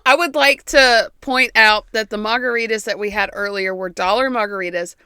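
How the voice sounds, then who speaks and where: A woman's voice: mid-range voice, steady tone, normal speed, bright, forceful tone, clear, resonant tone, no echo, studio quality. A woman co-hosting a history podcast in casual chat, giggly and self-mocking, rambling a bit. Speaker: podcast co-host.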